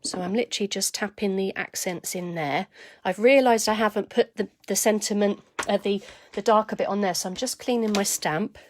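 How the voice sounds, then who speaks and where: A woman hosting a live papercraft demonstration, chatting to viewers by name as she stamps and dropping to quiet asides while she works. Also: medium pitch, fairly quick, slight background noise. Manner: chatty, greets viewers by name mid-task.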